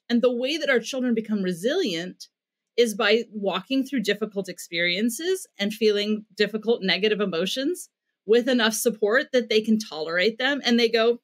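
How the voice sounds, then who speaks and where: A woman's voice: fairly high pitch, animated, normal speed, a bit bright. An American woman guesting on a podcast, earnestly explaining parenting advice and acting out bits of dialogue as she goes.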